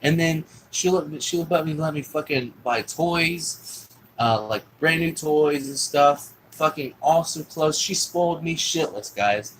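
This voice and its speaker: A man's voice: on the high side, unhurried, fairly bright tone, a little hiss or hum, poor audio. A man telling a long personal story in a rambling, profane way, with lots of fillers and restarts.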